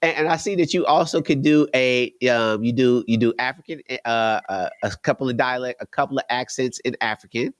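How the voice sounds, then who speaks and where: A man's voice: mid-range voice, brisk, few pauses, no room sound. A man in his fifties hosting an interview, bantering in a casual, slangy, playful way. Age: 50s. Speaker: host. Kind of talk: interview conversation.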